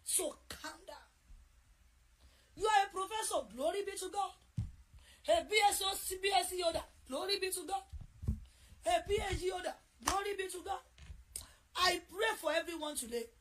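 A woman's voice: extremely high pitch, normal speed, long pauses, a little hiss or hum. Emphatic Nigerian woman preaching. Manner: emphatic, repeats key phrases, shouts for emphasis. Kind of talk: sermon.

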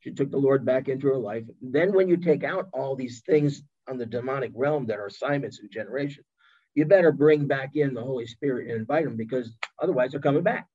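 Husky man telling animated stories. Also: mid-range voice, fairly quick, muffled recording. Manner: animated, acts out quoted voices. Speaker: podcast guest. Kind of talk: storytelling in an interview chat.

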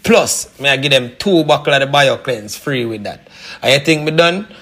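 A man's voice: mid-range voice, expressive, moderate pace, sharp tone. A man putting on a Jamaican patois accent to play a pushy, chatty sales promoter. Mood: salesy. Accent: put-on Jamaican patois. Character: male pitchman in a put-on Jamaican voice.

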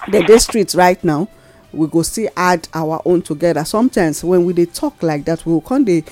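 A woman's voice: fairly low pitch, moderate pace, over music. A woman co-hosts a radio show from the studio in a Nigerian Pidgin accent. She talks casually and with animation, often pushing her voice up for emphasis. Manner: animated, laughing, rising emphatic lines. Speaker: radio co-host.

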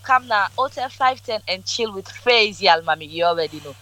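A guest artist, a man with a Sierra Leonean Krio accent, speaks in a bright, tense voice. He keeps agreeing and repeats his phrases as he talks. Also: high voice, lively intonation, moderate pace, low-quality recording. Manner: affirming, repeats yes and mm-hmm. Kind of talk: casual interview promotion.

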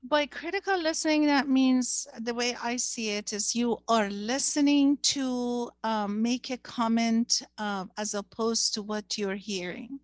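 A woman's voice: on the high side, a little slow, hardly any pauses, dry recording. A woman whose first language is Persian, talking in a casual discussion and searching for words with many fillers.

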